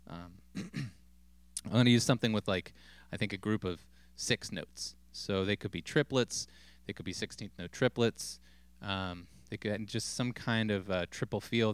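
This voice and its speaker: A man giving a casual drum lesson, relaxed and thinking aloud with frequent ums and restarts. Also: fairly low pitch, smooth, dry recording. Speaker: drum teacher. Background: loud drum kit playing.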